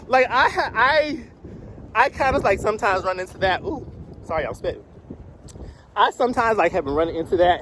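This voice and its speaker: Young man, high voice, casual confessional vlog, walking outdoors, phone held at arm's length, faint street noise. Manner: candid, rambling, animated with quick laughs. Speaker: vlogger. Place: outdoors on a cold windy city street, walking.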